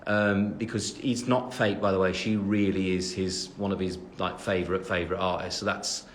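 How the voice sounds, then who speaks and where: A man's voice: low voice, flat delivery, moderate pace, a little hiss or hum. English guy in his 20s rambling on a phone livestream, lots of ums, jokey, laughs at himself. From England. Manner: chatty and rambling, with many fillers and restarts. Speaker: livestream host answering fan comments. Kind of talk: casual livestream chat.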